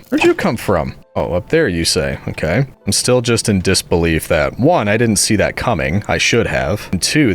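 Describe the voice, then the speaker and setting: A man giving casual gameplay commentary as host, chatty and talking back to the monsters he meets. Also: sits low. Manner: chatty, talks back to the monsters, swings between calm and exasperated. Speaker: gaming video host.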